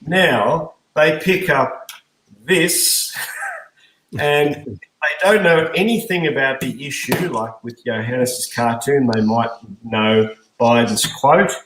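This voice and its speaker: A man's voice: mid-range voice, takes it slowly, fairly bright tone, roomy sound, slight background noise, low-quality recording. A middle-aged man, a guest cartoonist, recalling past experiences in a reflective, storytelling way during a panel chat.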